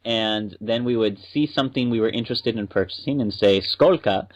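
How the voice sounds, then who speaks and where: A man's voice: fairly low pitch, moderate pace, lo-fi sound. A man co-hosting a podcast, chatting and explaining at length. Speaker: podcast co-host. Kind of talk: casual podcast chat.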